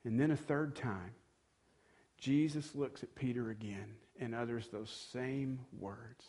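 A man preaching a sermon at a middle pitch, talking to the congregation as if in conversation. He acts out the voices of the people in his story and pushes his emphasis up as the point lands. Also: slow, darkish tone. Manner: conversational preaching, acting out quoted dialogue with rising emphasis. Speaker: pastor.

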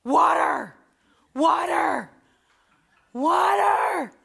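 A woman voicing her four-year-old son, a little boy who demands water with loud shouts. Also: very high voice, animated, drawn-out words, creaky, pitched above the performer's own voice, heavily acted. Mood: demanding.

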